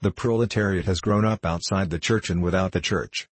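A man's voice: deep voice, brisk, no room sound. A man voicing a fierce male socialist debater who argues insistently and without mercy. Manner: forceful, cutting, insistent.

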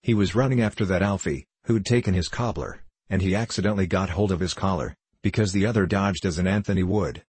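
A man's voice: low voice, quick pace, hardly any pauses, a little mellow, slightly rough, no echo. A man voicing a stern, proud mother who speaks in a biting, scornful way. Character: stern, proud mother, sharp-tongued woman.

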